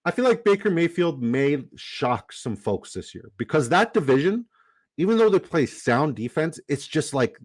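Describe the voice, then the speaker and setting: A man's voice: fairly high pitch, big pitch swings, normal speed. A man giving casual livestream commentary while drafting, reading the chat aloud and swearing casually. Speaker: fantasy football draft streamer.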